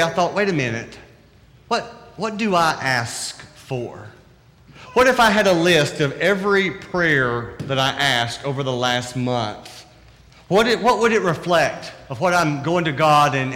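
A man with a Southern drawl preaches in an earnest, conversational way and often poses questions to his listeners. His voice sits a little high. The sound carries a long reverb from the hall. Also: expressive, a little slow, bright, forceful tone. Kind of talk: sermon.

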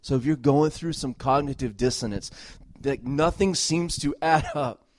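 A middle-aged man preaches as a pastor, his voice sitting at an ordinary pitch for a man. He is earnest and emphatic, repeating phrases as he presses a point, then drops to soft, tender talk. The sound is dry and close, with no room echo. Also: normal speed, hardly any pauses. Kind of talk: sermon.

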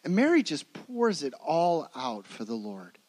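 A man with a fairly high voice delivers a sermon as a vivid retelling. He leans hard into some phrases and drops almost to a hush on others, pulling listeners into the scene. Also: huge pitch swings, a little slow, rough recording. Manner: dramatic storytelling, swinging between emphatic and hushed. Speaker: preacher.

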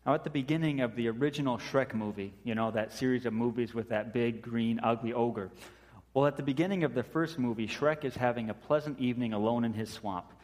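A man's voice: mid-range voice, fairly quick, darkish tone, long reverb tail. A man preaching as pastor, reading scripture and then retelling a story vividly, acting out the quotes.

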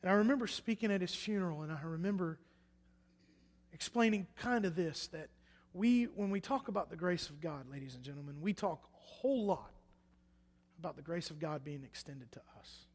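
A man's voice: on the high side, animated, normal speed. Preacher man in an echoey hall. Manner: swings from loud emphatic bursts to hushed quiet lines. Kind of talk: sermon testimony.

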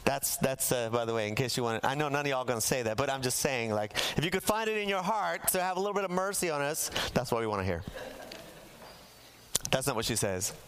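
A man's voice: medium pitch, lively intonation, quick pace, a bit bright, clean tone. A man preaching a sermon in a church, telling a Bible story with humor and acting out the characters' lines for the congregation. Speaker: pastor. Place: church sanctuary.

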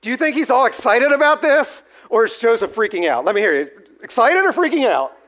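Male pastor, high-pitched, animated storytelling sermon with audience call-outs. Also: a little fast. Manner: animated storytelling, acts out quotes, asks the audience.

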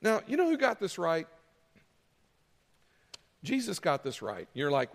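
A man's voice: fairly high pitch, big pitch swings, moderate pace, long pauses, long reverb tail. A man preaching a sermon as pastor, talking conversationally to the congregation and acting out their objections in their voices.

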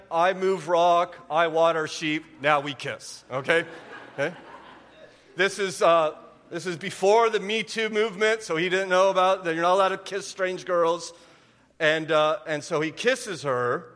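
A man in his forties preaches to his church in a fairly high voice. He keeps things light with jokes and quick asides. He checks in with the room again and again, asking "okay?" and "right?". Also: a bit bright. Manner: joking, talks straight to the congregation with quick asides and repeated "okay?". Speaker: pastor. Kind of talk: humorous sermon. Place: church sanctuary.

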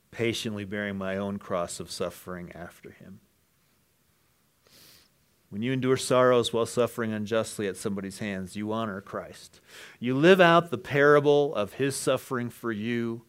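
A man preaching an earnest sermon, dropping to hushed lines and then rising to loud, emphatic ones. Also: lowish voice. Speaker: pastor.

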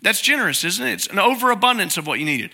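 A middle-aged man preaching a sermon in a conversational way, now and then acting out prayers in a softer, lower voice. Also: very animated, fast, creaky. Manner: conversational preaching, acts out quoted prayers in a soft low voice. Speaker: pastor.

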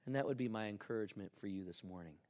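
A man preaching a sermon as pastor, telling a story with lively ups and downs and soft, earnest appeals. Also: lowish voice, rapid-fire.

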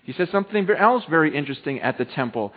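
A man preaches to his church, urgent at full voice and then dropping low and quiet. His voice carries a long echo through the hall, and the recording is thin and tinny, like audio heard over a phone line. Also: expressive, fast. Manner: impassioned preaching that swings from loud to hushed. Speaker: pastor. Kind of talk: sermon.

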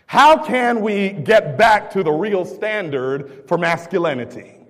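A man preaching a sermon in a church, with stammering restarts and call-and-response, rising to shouts. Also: sits high, lively intonation, unhurried. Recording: long reverb of a church hall.

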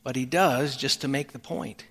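Explaining a scripture passage, a male pastor preaches earnestly and keeps restarting his phrases. He has a medium-pitched, slightly bright voice with fairly even intonation and normal speed, and the recording carries a long hall reverb.

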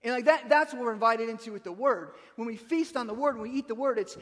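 A man with a high voice preaches to his congregation in a conversational way, often restarting and asking "right?". His voice rings with long reverb in a church sanctuary. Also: animated, fairly quick, few pauses, a bit bright. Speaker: pastor. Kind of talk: sermon.

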